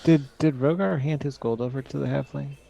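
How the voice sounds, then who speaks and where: A man's voice: mid-range voice, a little fast, vocal fry, crowd noise. A man playing at a tabletop game, asking the game master questions casually. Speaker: player. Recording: lo-fi audio.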